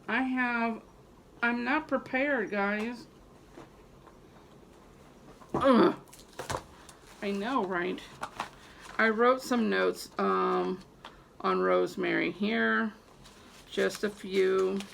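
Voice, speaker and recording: A woman's voice: medium pitch, very slow, creaky, long pauses, fairly bright tone, a little hiss or hum. A woman talking loosely to her viewers about growing and using herbs, rambling with many fillers and restarts. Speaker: herbalist teaching about herbs and spell work. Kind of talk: casual unscripted video talk to viewers.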